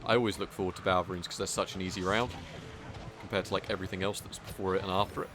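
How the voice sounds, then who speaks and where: A man's voice: low-pitched, fairly even intonation, rapid-fire, background noise. A man giving casual, joking commentary while speedrunning a game, teasing other players and swearing now and then. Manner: joking, mocking, swears casually, many fillers.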